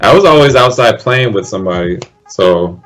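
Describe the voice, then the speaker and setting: A man's voice: fairly low pitch, lively intonation, normal speed, a bit bright, faint music behind. A male teacher giving short, hesitant answers on a school quiz show. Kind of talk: casual game show chat.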